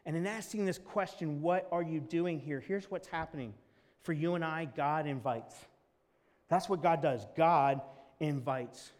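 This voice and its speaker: A man's voice: on the high side, darkish tone. Man preaching in a reverberant church. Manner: earnest preaching, reads scripture aloud. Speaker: pastor. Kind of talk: sermon. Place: church sanctuary. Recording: long church hall reverb.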